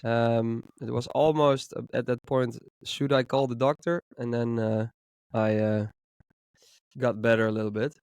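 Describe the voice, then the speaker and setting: Hoarse-sounding male podcast co-host. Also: medium pitch, a little slow, dry recording. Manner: relaxed, rambling with many fillers. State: hoarse with a cold. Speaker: podcast co-host, music producer. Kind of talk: casual podcast chat.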